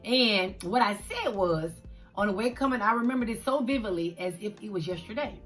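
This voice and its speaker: Bright-voiced woman sharing a story. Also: mid-range voice, a little fast, faint music behind. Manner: expressive, talks straight to viewers as "y'all". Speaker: vlog host. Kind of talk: emotional personal storytelling.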